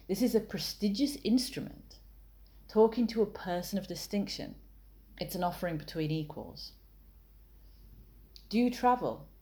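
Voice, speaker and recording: A woman explaining copywriting in a measured, analytical way, with wry asides. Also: on the low side, dark tone. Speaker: copywriting teacher and author.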